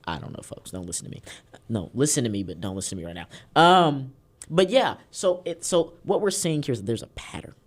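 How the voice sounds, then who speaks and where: A man's voice: mid-range voice, very animated, fairly quick. A man with a Southern US accent hosting a casual political podcast, joking and rambling with theatrical emphasis. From Houston, Texas. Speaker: podcast host.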